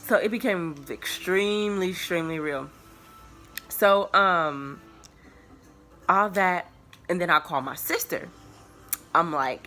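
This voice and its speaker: Speaking to viewers in a relaxed, confiding way, a woman in her early twenties rambles through a personal story full of fillers and false starts. She has a lowish voice, a measured pace, and pauses often.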